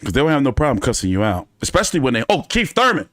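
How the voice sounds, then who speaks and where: Racing along in a mid-range voice, a boxing channel host swears and laughs his way through casual stories for viewers. The studio-quality recording carries no room sound, and he's very animated.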